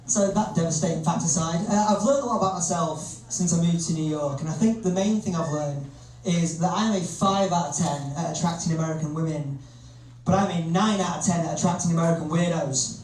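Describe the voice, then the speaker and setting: A young man with a Northern English accent, doing a self-deprecating stand-up comedy set as a lively storyteller on a comedy club stage. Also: on the high side, a little fast, slight background noise. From north of England. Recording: echoey club, distant mic, crowd.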